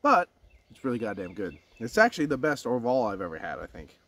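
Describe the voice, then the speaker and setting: A man's voice: medium pitch, sing-song, a little fast, fairly bright tone. A man reviewing a beer in a casual vlog, rambling and swearing freely while correcting himself. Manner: rambling, profane, self-correcting.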